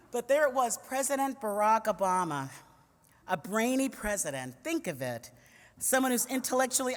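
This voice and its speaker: Sing-song and fairly quick, with medium pitch, this commentator and conference speaker, a New York City woman in her fifties, tells a humorous personal story. She stays witty and conversational, aiming playful asides at the audience, and the big conference hall gives a long reverb.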